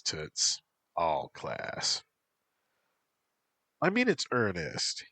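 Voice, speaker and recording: Low-voiced guy narrating as a man doing a wry college girl, slow and dry. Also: no echo. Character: college woman narrator, wry horror fan. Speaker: story reader. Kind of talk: scripted first-person narration.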